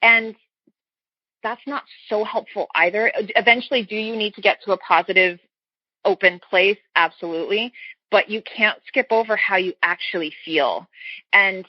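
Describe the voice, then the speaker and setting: A woman's voice: medium pitch, moderate pace, slightly rough, no echo. A woman guest on a talk show, a fertility coach, speaking earnestly in a casual interview and explaining things through everyday analogies. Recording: dull, lo-fi sound.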